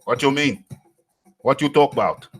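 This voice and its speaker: A man's voice: medium pitch, normal speed, slightly rough, soft background music, close to an everyday voice. A man putting on a Nigerian accent to play an indignant man arguing back. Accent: put-on Nigerian. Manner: indignant, questioning.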